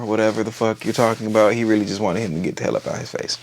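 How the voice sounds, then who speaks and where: A man casually recapping a TV episode, animated and profane, acting out the characters' lines as he goes. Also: lowish voice, fast, few pauses, slight background noise. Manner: animated, profane, acts out quotes. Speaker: TV episode reviewer.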